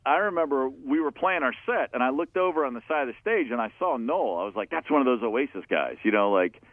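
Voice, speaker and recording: A man's voice: mid-range voice, fast, no echo. Tinny-sounding man telling a wild story. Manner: animated, profane storyteller who laughs at himself. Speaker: musician guest. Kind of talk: casual anecdote telling. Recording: tinny phone-like dry sound.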